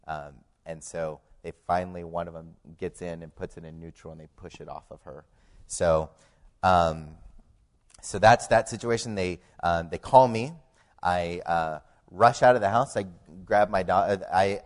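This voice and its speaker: A man telling his family's story as a personal faith testimony, halting with many fillers and growing much quieter in the tense parts. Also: sits low, steady tone.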